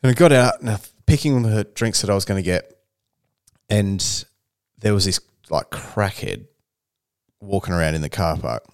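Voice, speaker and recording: A man's voice: on the low side, normal speed, pauses often, clean tone, no echo, clean studio sound. A young Australian man telling a story in casual chat and acting out the voices of the people in it. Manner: animated storyteller who acts out other people's voices. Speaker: podcast co-host.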